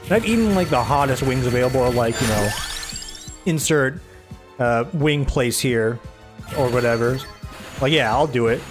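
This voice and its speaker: A man giving casual, rambling gameplay commentary, sounding tired, a little raspy and short of breath, with a soft, somber tone. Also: mid-range voice, moderate pace, long pauses. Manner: rambling, chatty, self-deprecating. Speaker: gaming video host. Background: game music.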